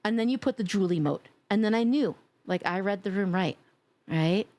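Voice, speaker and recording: A woman streaming live in a casual, playful chat, teasing her viewers and laughing loudly. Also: normal speed, no room sound. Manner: drops to a low sultry tease at times.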